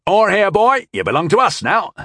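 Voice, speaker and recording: A man's voice: a little high, very animated, normal speed, fairly bright tone, breathy edge, no room sound, pitched above the performer's own voice, full character voice. A man voicing a cheerful, cocky young warrior who banters. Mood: taunting.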